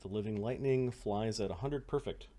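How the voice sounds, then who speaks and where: A man's voice: fairly low pitch, moderate pace. A man running a tabletop game as game master, working out rules and numbers aloud. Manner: steady, working out numbers aloud with many uhs.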